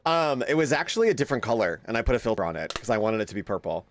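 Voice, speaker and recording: A man's voice: mid-range voice, very animated, very fast, slight background noise. A young man streaming live, chatting casually with his viewers and greeting them by name, now and then cooing at his pet. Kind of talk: casual livestream chat.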